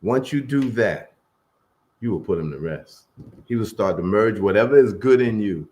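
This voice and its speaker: A man co-hosting, telling a personal story in an earnest, slow and heartfelt way. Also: on the low side, lively intonation, a little mellow.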